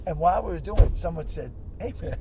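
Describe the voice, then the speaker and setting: An older man, a comedian telling excitable stories in a car, full of exclamations and restarts. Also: on the high side, fast talker, vocal fry. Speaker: comedian guest. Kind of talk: storytelling in casual chat. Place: inside a moving car. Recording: car cabin road noise.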